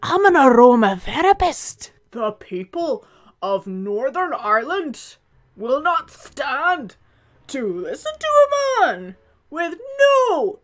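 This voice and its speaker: An aggrieved ranter, put on by a woman rails against the world in a loud, high, shrill voice. The complaints come in an indignant, emphatic delivery. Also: big pitch swings, slow, full character voice.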